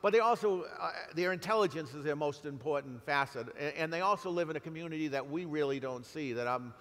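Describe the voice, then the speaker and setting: Man, middle-aged, New England accent, halting speech with fillers, reverberant hall. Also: a little high, lively intonation, fairly bright tone. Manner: halting, many fillers and restarts. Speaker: guest speaker. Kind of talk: speech to an audience. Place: large hall.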